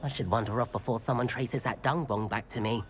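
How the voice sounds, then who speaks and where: A woman's voice: rumbling low, fairly quick, slight background noise. A woman voicing a mischievous young male student in a game, with a breezy, teasing manner.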